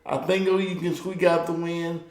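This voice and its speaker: A man's voice: a little high, flat delivery, moderate pace, darkish tone, reverberant. A middle-aged man hosting his own video show, chatting casually and rambling, and he gets worked up when talking sports. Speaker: vlog host. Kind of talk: casual monologue to camera.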